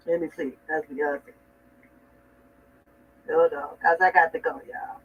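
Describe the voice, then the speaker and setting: A woman's voice: deep voice, sing-song, measured pace, long pauses, slightly rough, distant mic. A woman hosting a livestream, ranting casually in a mocking, rambling and profane way. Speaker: livestream host. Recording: dull lo-fi sound from off-mic.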